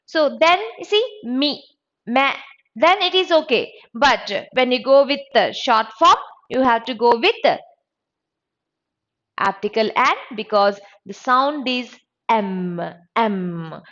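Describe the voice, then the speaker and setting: A woman teaching an exam-prep grammar lesson, repeating each sound slowly to drill it. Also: sits high, animated, fairly bright tone. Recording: dull lo-fi audio.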